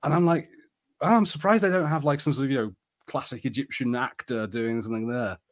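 A young man co-hosting a podcast, with a middle-pitched everyday voice. He chats loosely with plenty of fillers and sometimes speeds up in quick bursts. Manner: chatty, filler-heavy, spurts of fast talk. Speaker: podcast co-host. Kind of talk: casual chat.

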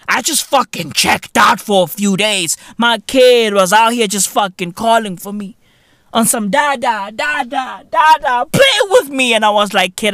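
A man's voice: high-pitched, bright, forceful tone, dry recording. A man from South Africa hosting a podcast, in a profane, slangy comedic rant that keeps calling the listener "bruv". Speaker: podcast host.

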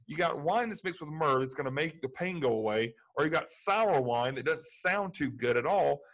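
A man's voice: on the high side, lively intonation, moderate pace, a bit bright, low-quality recording. A man preaching a sermon, earnest and building to emphatic peaks. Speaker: pastor.

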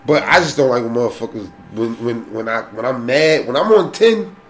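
A man's voice: medium pitch, animated, moderate pace. Heated, profane man chatting. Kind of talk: casual chat.

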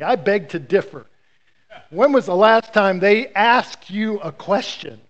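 A male pastor preaching a sermon, telling a Bible story with animated, playful asides to the congregation. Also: high-pitched, slow, lo-fi sound.

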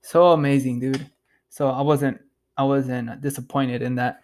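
A young podcast host tells a rambling story casually, loose and profane, packed with fillers and "dude." His medium-pitched voice is slightly mellow, with fairly even intonation and a somewhat slow pace.

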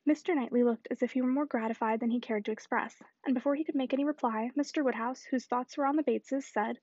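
A woman's voice: sits high, steady tone, fast, few pauses, darkish tone, no echo, muffled recording. Woman reading a classic novel. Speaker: audiobook reader.

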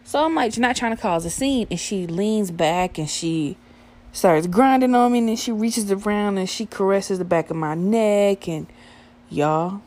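A young adult woman telling a profane, animated story about a night out, acting out the dialogue as she goes. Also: mid-range voice, measured pace. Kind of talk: casual storytime monologue.

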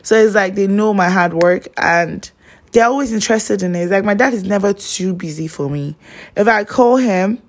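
A woman's voice: medium pitch, normal speed. A young woman, chatting casually and telling personal stories, rambling with lots of fillers. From Nigeria.

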